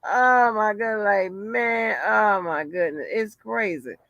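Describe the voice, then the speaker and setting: A woman hosting a casual chat who is outspoken, expressive and laughs often. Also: medium pitch, takes it slowly, no echo, muffled recording. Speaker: host.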